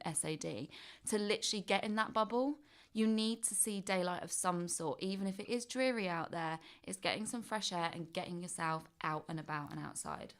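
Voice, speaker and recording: A woman presenting a wellbeing slot on the radio, chatty and encouraging, laughing often as she gives tips to listeners. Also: medium pitch. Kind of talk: casual radio chat.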